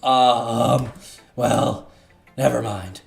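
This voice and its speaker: Yuri, a hushed shy girl played by a man. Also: fairly even intonation, extremely slow, vocal fry, roomy sound, full character voice. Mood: earnest.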